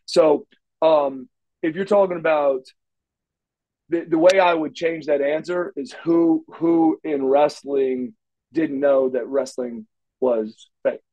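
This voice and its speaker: Middle-aged man, raised in Oklahoma, slightly high voice, rambling storyteller, curses freely. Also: steady tone, slow, dark tone, lo-fi sound. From Oklahoma, USA. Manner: rambling, restarts often, salty language. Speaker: interview guest, former wrestler. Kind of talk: shoot interview storytelling.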